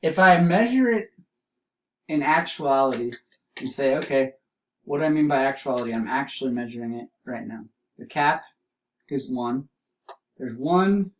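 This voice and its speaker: A man teaching an art lesson, explaining drawing steps and repeating key terms slowly as he demonstrates. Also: medium pitch, recorded from a distance, rough recording.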